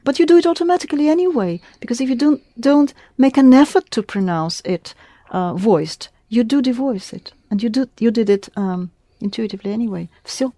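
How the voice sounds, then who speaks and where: A woman leads a one-to-one language lesson, patient and encouraging. She says each word slowly and clearly, then repeats it. Her voice is mellow, and the recording is dry and close. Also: on the high side, expressive, no echo. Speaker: language teacher.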